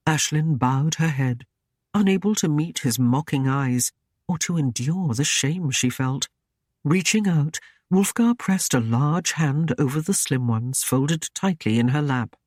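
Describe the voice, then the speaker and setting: A man narrating a historical romance audiobook in a measured, even storytelling manner. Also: on the high side, no room sound, clean studio sound. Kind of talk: scripted narration.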